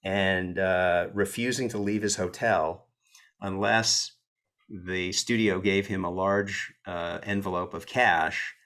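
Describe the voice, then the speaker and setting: Low-voiced American man telling stories. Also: slow. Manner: animated, self-deprecating storyteller with a snarky edge. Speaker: entertainment attorney guest. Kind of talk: casual interview storytelling.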